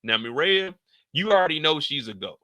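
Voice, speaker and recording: Male live-stream host, casual reaction commentary; very bright, tense tone, close and dry; animated, slangy delivery. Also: brisk, no room sound. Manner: animated slangy storytelling with sudden loud, high outbursts.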